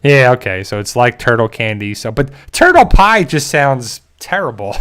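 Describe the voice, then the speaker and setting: A man's voice: fairly high pitch, very animated, normal speed, a bit bright. A man hosting a casual livestream, reading viewer comments and rambling in a joking way with frequent chuckles. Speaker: channel host reading viewer chat.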